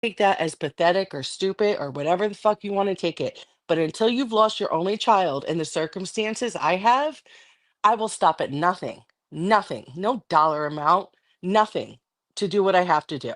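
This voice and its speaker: A woman's voice: on the low side, lively intonation, moderate pace. A middle-aged woman on a livestream, ranting angrily and defiantly with constant swearing. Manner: angry, defiant, profane. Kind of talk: heated livestream rant.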